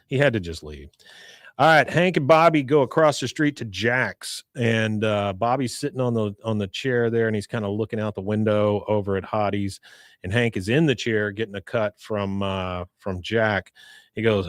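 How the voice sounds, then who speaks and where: A podcast host with a fairly low voice casually retells a cartoon episode scene by scene at a moderate pace, acting out quotes and chuckling often. The studio sound is clean, with no echo.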